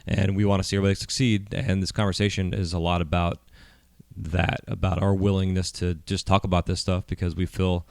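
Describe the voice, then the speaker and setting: A middle-aged man with a low, smooth and resonant voice hosts a casual podcast chat. He rambles through his points with plenty of fillers and frequent swearing. The recording is dry and close, spoken into a handheld mic. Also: fairly even intonation, a little fast, darkish tone, dry recording. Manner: rambling, profane, heavy with fillers. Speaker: podcast host.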